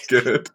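Man, podcast co-host, animated voice, laughing, sweary casual chat. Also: high-pitched, slightly rough.

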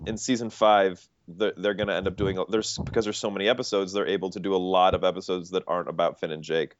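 A man co-hosting a podcast, recapping cartoon episodes at length in a casual, animated way. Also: low voice, fast, a little hiss or hum. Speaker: podcast host. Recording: dull, dry podcast audio.

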